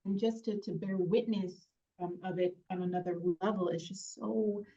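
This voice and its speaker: Emotional actress with many restarts. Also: female voice, medium pitch, steady tone, moderate pace, warm tone, dull audio. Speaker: actress guest. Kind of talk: casual interview chat.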